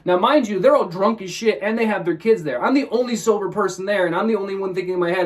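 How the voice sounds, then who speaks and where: A man from Washington State tells a personal story in a casual vlog, rushing through it with a lot of cursing. His voice sits high and the words pour out fast. He sounds a little way off from the microphone. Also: far from the mic. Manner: fast, profane, animated retelling with quoted inner thoughts. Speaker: vlogger.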